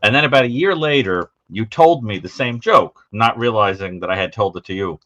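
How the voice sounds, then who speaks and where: A man's voice: fairly low pitch, a little fast, sharp tone. A man reminiscing fondly in casual chat, amused and searching for words. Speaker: podcast guest. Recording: dull lo-fi remote audio.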